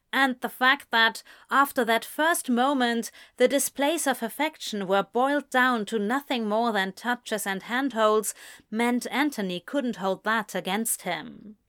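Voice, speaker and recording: Slow, measured woman storyteller. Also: fairly high pitch, a bit bright. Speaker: audiobook reader. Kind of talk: scripted narration.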